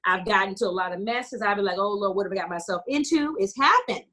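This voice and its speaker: This American woman has a medium-pitched, bright voice with a forceful tone and a quick pace. As a community organizer on a panel, she tells stories passionately, quoting dialogue.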